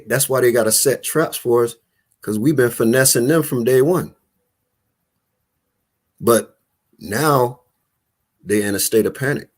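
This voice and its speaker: Host type: low-voiced man, animated street-casual preacher on a live call. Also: breathy edge. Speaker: host of an online Bible study talk.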